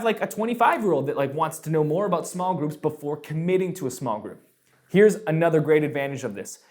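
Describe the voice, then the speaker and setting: Energetic fast-talking male host. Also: a little high. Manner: energetic, fast, animated, jokey. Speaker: show host answering viewer questions. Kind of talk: casual Q&A explainer.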